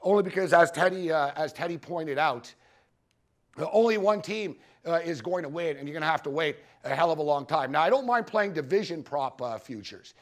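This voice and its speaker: High-voiced man telling rowdy betting stories. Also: lively intonation, a little fast. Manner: profane, storytelling, punchy repetitions. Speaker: sports betting show host giving a conference talk. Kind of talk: animated anecdotal presentation. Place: conference room with audience.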